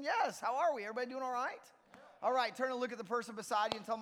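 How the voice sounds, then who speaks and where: A man preaching a sermon as lead pastor, lively and joking with the congregation in a church auditorium. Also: very high-pitched, racing, a little hiss or hum. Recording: long reverb of a church hall.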